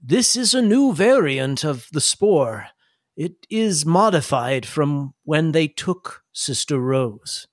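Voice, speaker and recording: A measured male scientist, played by a man, speaking slowly in formal phrases. The sound is dry and close. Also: on the high side, expressive, no echo.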